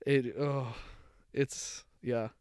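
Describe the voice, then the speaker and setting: A man's voice: medium pitch, level tone, drawn-out words, a little mellow, clean tone, dry recording, studio quality. A young man co-hosting a podcast, telling a long story in casual chat, full of fillers and swearing. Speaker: podcast co-host.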